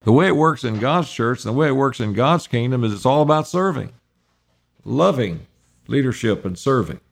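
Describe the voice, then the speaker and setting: Gravelly-voiced man teaching scripture. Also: medium pitch, lively intonation, normal speed. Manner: reads scripture then paraphrases it plainly. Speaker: pastor. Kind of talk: Bible study sermon.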